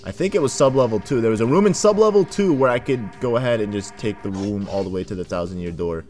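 A man's voice: lowish voice, fast, soft background music. A man casually commenting as he plays a video game and voices its characters. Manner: casual, lively, says dude a lot. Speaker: gaming video host. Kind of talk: casual let's play commentary.

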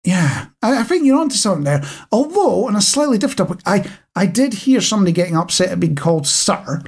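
A man's voice: sits high, very animated, quick pace, slightly rough. Man co-hosting a podcast, wry and dry. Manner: wry, dry humour, addresses listeners directly. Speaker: podcast co-host. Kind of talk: casual chat.

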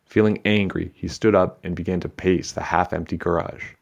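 Deep-voiced man reading a storybook. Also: steady tone, moderate pace, vocal fry, lo-fi sound. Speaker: children's book reader. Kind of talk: reading a book aloud.

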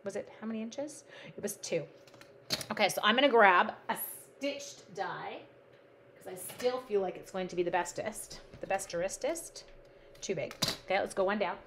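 A woman's voice: mid-range voice, normal speed, noisy background. A woman from Canada hosting a live card-making stream, chatting playfully with viewers and talking to her supplies. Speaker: live-stream crafting host.

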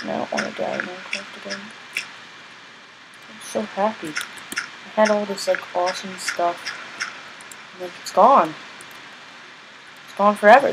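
Male gaming host, casual commentary, rambling, exasperated outbursts, noisy recording with clicks. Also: high voice. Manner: rambling, chatty, bursts of exasperated yelling. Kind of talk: casual video game commentary.

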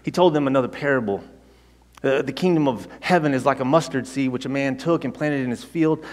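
A male pastor preaching a sermon, conversational and animated, telling the story with frequent restarts. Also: medium pitch, fairly quick. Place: church sanctuary. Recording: long hall reverb.

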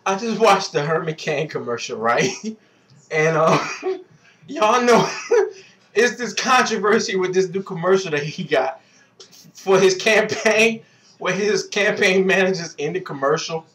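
A woman's voice: fairly low pitch, expressive, moderate pace, fairly bright tone, slight background noise. A woman vlogger ranting casually to her viewers, breaking into laughter so hard she is in tears. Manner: talks through constant fits of laughter. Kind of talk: casual video rant. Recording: echoey room.

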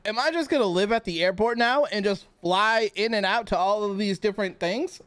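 A man hosting a gaming channel, giving excitable let's play commentary and talking back to the characters on screen. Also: high voice, normal speed, no room sound. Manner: excitable, reacts loudly to the game, talks to characters. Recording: clear background noise.

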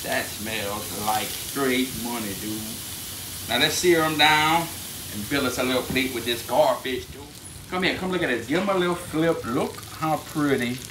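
A man's voice: mid-range voice, a little slow, echoey room, background noise. A man with a Cajun Louisiana accent, hosting a cooking video in a laid-back drawl. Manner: laid-back drawl, says "dude" a lot. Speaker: cooking channel host.

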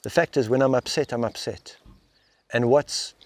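A man with an ordinary, middle-range voice talks reflectively about inner experience. His delivery is halting and unpolished. He often doubles back to restart a phrase or repeat a word before he goes on. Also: mid-range voice, no echo. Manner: thoughtful, halting, with frequent restarts and repeated words. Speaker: spiritual teacher interviewed as guest. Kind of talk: reflective interview talk. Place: outdoors in the rain.

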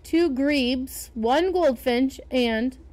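A woman reading aloud puts on a fiery, indignant lady who scolds anyone wearing birds on their hats. The voice climbs high and loud, sharp with outrage. It is a storybook character. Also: extremely slow. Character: indignant bird-loving woman.

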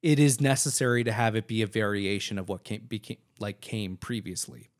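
A man's voice: lowish voice, fairly quick. A man co-hosting a film commentary podcast, talking through his analysis in a loose, rambling way full of fillers. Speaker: podcast co-host.

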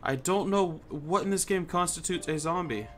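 A man's voice: sits high, moderate pace, fairly bright tone, a little hiss or hum. A man giving casual gameplay commentary, joking, swearing and muttering to himself as he plays. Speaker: gamer.

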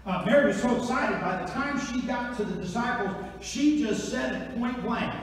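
A man preaching an Easter sermon, dropping to hushed tones and then rising to excited shouts. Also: very high voice, normal speed, a little hiss or hum. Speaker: pastor. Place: large church sanctuary. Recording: echoey church hall from far off.

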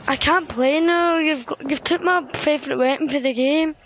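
High-voiced woman bantering through a game. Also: a little fast, hardly any pauses. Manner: playful trash talk, bursts of excited shouting. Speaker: gamer streaming with friends. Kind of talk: casual gameplay chat. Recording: noisy background.

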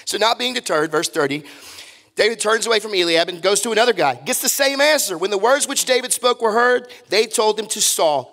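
A man preaching a sermon as pastor, telling a story with lively, casual acted-out quotes. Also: sits high, big-room sound. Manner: animated storytelling, acts out quotes in casual voices. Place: church auditorium.

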